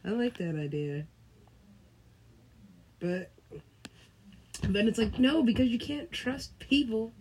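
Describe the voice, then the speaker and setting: A woman in rambling casual chat, profane and giggly, swinging from loud bursts to whispers. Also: fairly high pitch, very animated, slow pace, pauses often, slight background noise, low-quality recording.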